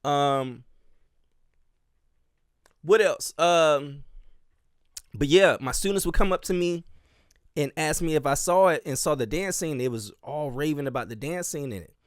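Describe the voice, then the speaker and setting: A man's voice: a little high, a little slow, pauses often, no room sound, clean studio sound. A man from the US South with a Southern accent, a dance teacher hosting his own podcast in a loose solo chat full of fillers and restarts. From Miami and Charleston, US South. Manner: rambling, with many fillers and restarts.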